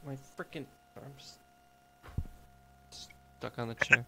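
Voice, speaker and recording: A man's voice: mid-range voice, slow pace, creaky, pushed and bright. A man co-hosting a casual chat, exasperated and swearing often. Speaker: co-host.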